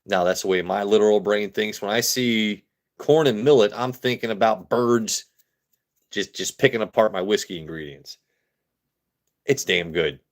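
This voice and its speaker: His voice sits on the low side and moves at a moderate pace. He's an American live stream host reviewing whiskey, trading loose jokes with his chat and repeating himself as comments come in.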